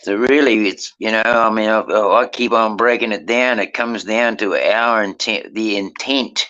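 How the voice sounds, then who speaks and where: A man thinks out loud in a fairly low voice, circling back and restarting his sentences. The stream audio is dull and lo-fi, with the top end muffled. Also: steady tone, unhurried. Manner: rambling, restarts often, reflective. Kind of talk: casual chat.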